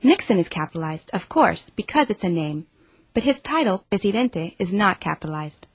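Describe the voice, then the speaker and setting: A woman's voice: mid-range voice, sing-song, moderate pace, breathy edge, no room sound. A woman reading scripted instructional narration in a plain, explanatory way.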